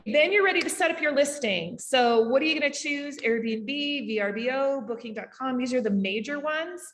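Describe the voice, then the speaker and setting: A woman with a Canadian accent gives a casual summit talk over a video call, with quick asides and lots of fillers. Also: on the high side, big-room sound. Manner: chatty, rapid asides, frequent fillers. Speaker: summit speaker on short-term rentals. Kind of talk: casual presentation.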